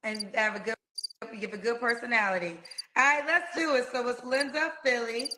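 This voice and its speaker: A woman interviewing a dating-show guest in a brisk way, repeating her answers back to her. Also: on the high side, bright, forceful tone, slight background noise. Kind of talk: casual interview. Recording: roomy echoey sound.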